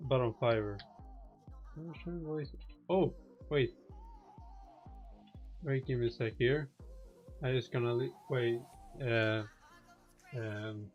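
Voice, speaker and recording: A man's voice: mid-range voice, slow, long pauses, faint music behind. A man co-hosting a casual podcast, laid-back and answering with short agreements. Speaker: podcast co-host. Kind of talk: casual chat. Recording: dull lo-fi mic.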